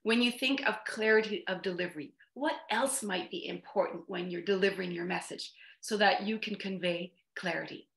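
Woman, presentation coach, video call, deliberate pacing, stresses key words, mid-pitched, echoey room. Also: gravelly. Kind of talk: online workshop talk.

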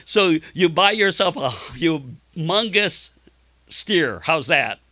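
A man's voice: expressive, slow, no room sound. A man preaching a sermon with passion, repeating words and restarting often, acting out the people in his stories in a raised voice. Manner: acts out quoted voices in a much higher, louder tone. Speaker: pastor.

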